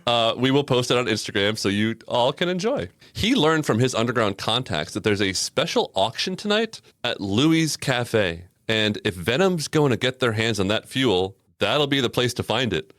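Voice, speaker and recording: A man's voice: medium pitch, big pitch swings, moderate pace, few pauses, a bit bright, no room sound. A man chats casually as a podcast co-host, poking sarcastic fun at what he is reviewing. His voice rises and falls a lot as he talks. The sound is close and dry, with no room around it. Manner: wry and sarcastic, laughs often. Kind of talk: casual chat reviewing a cartoon episode.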